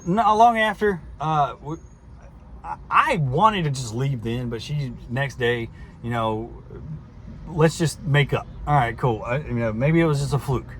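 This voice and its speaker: A man's voice: mid-range voice, unhurried, fairly bright tone, slight background noise. A man telling a personal story in a casual, rambling way, full of restarts and short laughs. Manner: rambling, frequent restarts and fillers, laughs while recounting. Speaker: host.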